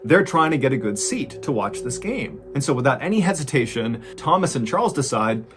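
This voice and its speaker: A man's voice: a little fast, music in the background. Man telling a suspenseful true story. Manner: suspenseful, builds tension, rises in pitch at exciting moments. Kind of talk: dramatic true-story narration.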